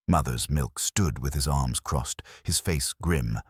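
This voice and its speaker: Very deep-voiced dramatic male narrator. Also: takes it slowly, hardly any pauses, slightly rough, no echo, studio quality. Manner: brooding, theatrical storytelling.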